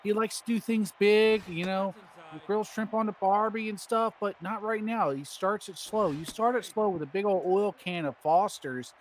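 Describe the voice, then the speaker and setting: A man's voice: high voice, normal speed, slight background noise. A man doing rambling, jokey play-by-play commentary on a baseball video game stream.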